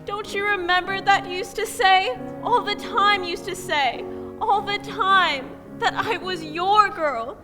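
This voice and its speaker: A woman acting as a frightened young bride who pleads tearfully, in a very high and slow voice. It is heard from a stage in a long-echoing hall with music playing underneath. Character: frightened young bride on her wedding day.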